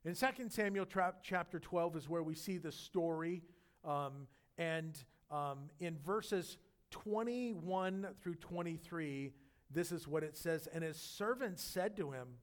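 A man preaching a sermon, retelling scripture with animated storytelling that swings between loud emphasis and quiet intensity. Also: a little high, slow pace. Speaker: pastor.

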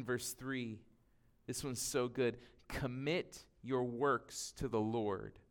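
Earnest man preaching, smooth clear voice. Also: medium pitch, fairly bright tone. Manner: earnest, conversational preaching with frequent restarts. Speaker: pastor. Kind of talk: sermon.

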